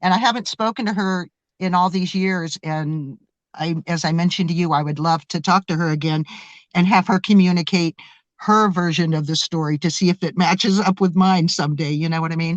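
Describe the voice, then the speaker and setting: A woman guest telling a story in a casual interview, animated and excitable, often restarting and stammering. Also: fairly low pitch, brisk, no echo, muffled recording.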